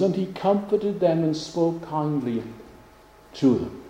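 A man preaching a sermon in a slow, measured way, leaning on pauses for emphasis. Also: a little high, expressive, dark tone, muffled recording. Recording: roomy, echoey sound.

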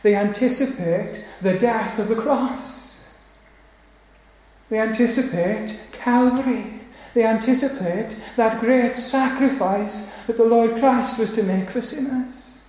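Man, preacher, high voice, solemn and emphatic sermon, booming room echo. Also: darkish tone. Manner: solemn, emphatic, slows for weight. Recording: very echoey church hall.

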